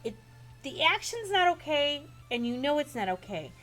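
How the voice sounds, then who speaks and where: A woman narrating as game master in a tabletop role-play, talking in an animated way. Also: high-pitched, normal speed, loud music behind the voice.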